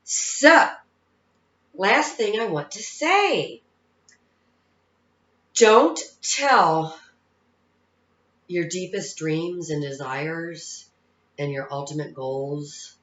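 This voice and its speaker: A woman psychic medium talks slowly in a bright, fairly high voice, giving folksy spiritual advice and checking in with "okay?" again and again. The room is echoey and the sound is dull and lo-fi. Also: expressive. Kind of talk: casual spiritual advice talk.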